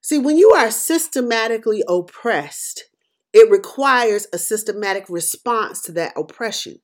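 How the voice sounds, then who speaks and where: A middle-aged woman hosting a podcast, speaking in an emphatic, preacherly monologue that swings between loud and quiet. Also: a little high, expressive, normal speed. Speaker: podcast host. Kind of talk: impassioned commentary monologue.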